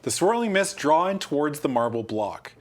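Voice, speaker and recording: A man's voice: fairly high pitch, very animated, normal speed. Laid-back man reading a gamebook aloud. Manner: laughs often, swears casually. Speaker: game master.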